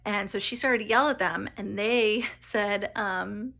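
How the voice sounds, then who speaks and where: A woman's voice: mid-range voice, a little slow, creaky, sharp tone. A woman telling her personal story in a vlog, hesitant, with many fillers and restarts, near tears and laughing nervously at painful moments.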